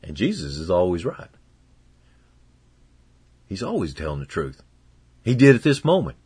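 Man, preacher, husky, dry close sound, folksy sermon. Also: low-pitched, huge pitch swings, normal speed, dry recording. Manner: folksy, conversational preaching with swings between loud and hushed.

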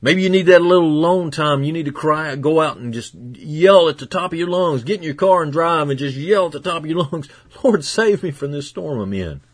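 A man preaching a sermon as pastor, earnest and fervent, moving from hushed passages to loud, emphatic ones. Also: on the high side, brisk, few pauses, no room sound, clean studio sound.

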